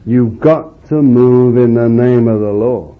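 A man's voice: medium pitch, slow. A man preaching an informal Bible storytelling sermon in a chatty, homely way, with frequent asides to his listeners. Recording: dull lo-fi recording.

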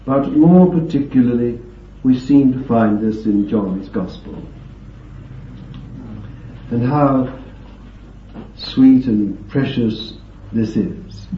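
A man's voice: lowish voice, slight background noise. A man preaching a sermon, reading scripture and dwelling on emphatic words. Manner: slow, deliberate Bible exposition with emphatic stresses. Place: meeting hall with a small group. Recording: echoey, distant, dull lo-fi recording.

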